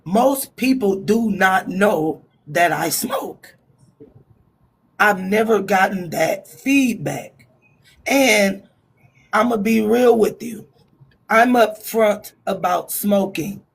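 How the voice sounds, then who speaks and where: A woman calling in to a panel chat, with a raspy smoker's voice, talking frankly and holding back on private matters. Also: medium pitch, lively intonation, slow. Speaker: panel caller. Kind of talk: casual chat.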